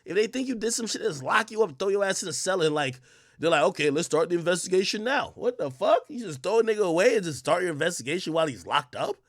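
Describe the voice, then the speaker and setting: A young man hosts a livestream with a high voice, big pitch swings and a fast pace, ranting casually and heatedly with plenty of profanity and rhetorical questions. The sound is clean studio audio with no echo.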